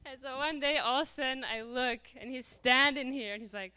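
A woman telling a lively personal story to a church congregation, laughing often as she goes. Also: high-pitched, a little fast, few pauses, smooth. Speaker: church speaker.

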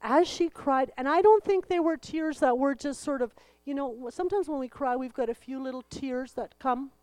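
At church, a woman with a high voice recounts a Bible story for children at a normal speed, with no echo in the recording. Her telling is expressive, complete with acted-out voices, and she leads everyone in song.

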